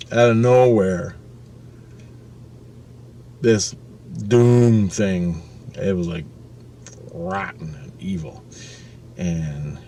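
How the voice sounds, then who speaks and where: A man's voice: lowish voice, mellow, slight background noise. Rambling, profane male storyteller. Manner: rambling, profane, with frequent "right?" asides. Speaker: vlogger. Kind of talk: casual storytelling.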